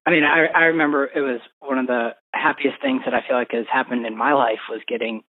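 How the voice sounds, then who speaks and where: Host, man, rapid and halting, heard faintly from a distance through a tinny phone-like line. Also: mid-range voice, fairly even intonation. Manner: quick, halting, full of fillers. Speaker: podcast host. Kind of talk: casual conversation.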